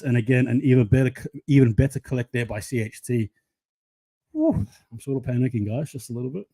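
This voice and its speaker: A man's voice: medium pitch, a little fast. A man giving live, chatty play-by-play of a rugby league match to viewers from his own channel. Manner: excitable, chatty, casual play-by-play. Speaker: live reaction commentator.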